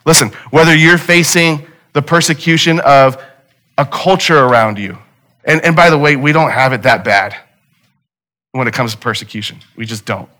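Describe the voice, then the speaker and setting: A man delivers a sermon in an easy, conversational manner and drives points home by repeating them. His voice is bright and forceful and sits a little high for a man. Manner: conversational, emphatic repetition. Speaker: pastor.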